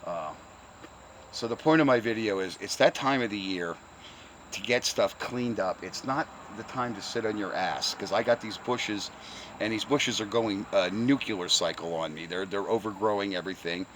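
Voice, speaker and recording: A man's voice: on the low side, moderate pace, a bit bright, a little hiss or hum. An older retired man from the Pocono Mountains with a slight Pennsylvania Dutch accent, rambling bluntly and profanely in a casual workshop vlog, worn out from the heat. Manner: gruff, blunt, profane, repeats words. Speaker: retired truck restorer. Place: home workshop.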